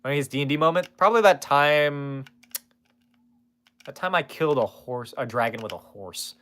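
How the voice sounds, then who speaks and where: A man's voice: medium pitch, moderate pace, bright, forceful tone, slight background noise. A man chatting casually on a live stream, reading and answering chat with rambling, jokey, swearing asides.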